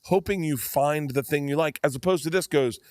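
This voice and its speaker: A man's voice: a little high, fairly quick, no echo, studio quality. A man in his fifties, a podcast guest telling rambling stories in casual chat and acting out quotes as he goes. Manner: rambling, animated storyteller who acts out quotes.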